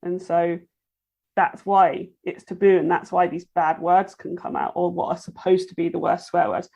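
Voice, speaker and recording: A woman talks as a guest on a podcast, her voice full of gravelly fry. She speaks earnestly and with emphasis, in casual conversation. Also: on the low side, little pitch movement, normal speed, darkish tone.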